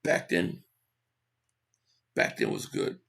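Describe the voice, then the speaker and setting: A man hosting a casual live stream, hoarse from losing his voice, who reads out viewer comments and gives blunt opinions. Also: rumbling low, huge pitch swings, fairly bright tone. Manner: opinionated, quick agreement with viewers.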